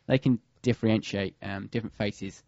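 A man's voice: fairly low pitch, fairly even intonation, normal speed, a little mellow, no room sound, dull audio. A man who works as a bird of prey pest controller, talking casually and hesitantly with many fillers and restarts. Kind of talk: casual radio chat.

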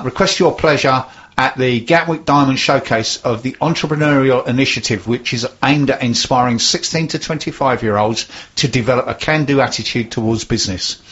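A man's voice: medium pitch, fairly bright tone, muffled recording. A man co-hosting a casual radio show, giving dry, understated replies and reading out event listings. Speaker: radio co-host.

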